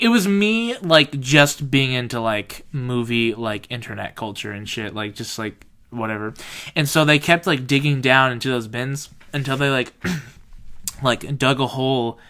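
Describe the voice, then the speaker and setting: Young guy on a podcast, bright voice, rambly, lots of like and cussing. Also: medium pitch. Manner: rambling, heavy filler words and swearing. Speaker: podcast host. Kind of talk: casual chat.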